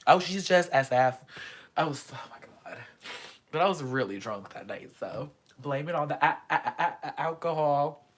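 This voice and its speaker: A young woman vlogging a casual storytime monologue, animated and dramatic, crude and joking. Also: low-pitched, moderate pace, husky.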